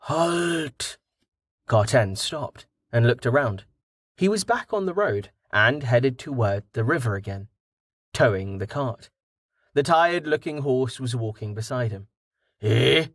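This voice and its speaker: A man reads a fantasy audiobook at an unhurried pace, his pitch rising and falling with the story. The sound is dry and close to the mic. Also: no room sound. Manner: measured, expressive reading. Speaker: audiobook narrator. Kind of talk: scripted narration.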